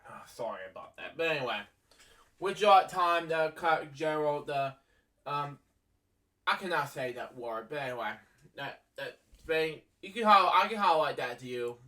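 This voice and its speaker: A young man reading facts aloud in a halting way, stumbling over words, full of ums and apologies for misspeaking, recorded from a distance. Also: a little high, pushed and bright. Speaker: amateur video maker reading facts aloud. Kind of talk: halting read-aloud narration. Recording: voice from a distance from the mic.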